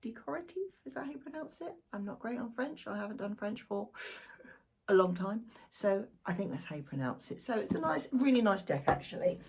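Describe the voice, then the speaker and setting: A woman's voice: mid-range voice, lively intonation, a little fast, creaky, darkish tone, husky. A middle-aged woman doing a casual, exuberant weekly tarot reading, chatty and full of asides. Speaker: tarot reader. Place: home room, seated in a squeaky chair.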